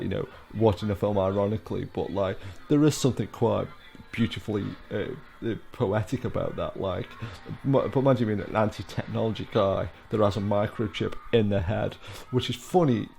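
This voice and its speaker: A man's voice: lowish voice, vocal fry, a little mellow. A middle-aged British man giving a casual solo film commentary, rambling with lots of fillers and asides. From United Kingdom.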